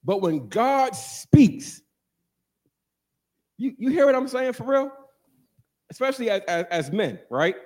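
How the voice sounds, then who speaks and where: A man preaching a sermon, animated and joking, asking the congregation questions and answering them. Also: extremely high pitch, takes it slowly, pauses often. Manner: animated, call-and-response, jokes with congregation.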